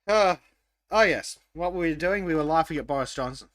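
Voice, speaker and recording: A man's voice: a little high, fairly bright tone, no echo. A man co-hosting a gaming podcast in casual chat, laughing often and swearing freely. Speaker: podcast co-host.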